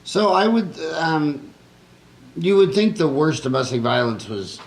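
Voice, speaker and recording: A man's voice: fairly high pitch, sing-song, measured pace, creaky, low-quality recording. A man hosting a podcast interview, asking long rambling questions full of fillers and restarts. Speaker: podcast host, dentist.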